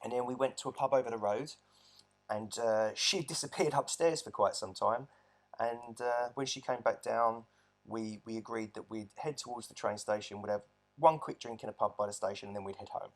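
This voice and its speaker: A man's voice: medium pitch, normal speed. A man talking earnestly about his own experience in a reflective storytelling monologue, often restarting his sentences. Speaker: abuse survivor vlogger.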